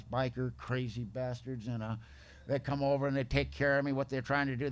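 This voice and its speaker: A man speaking at a recovery meeting, telling his story bluntly, with rough slang and gruff humor. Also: medium pitch. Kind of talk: storytelling talk.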